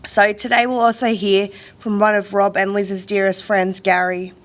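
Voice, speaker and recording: A woman acting as funeral celebrant, calmly introducing the next speaker. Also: mid-range voice, moderate pace. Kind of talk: ceremony hosting.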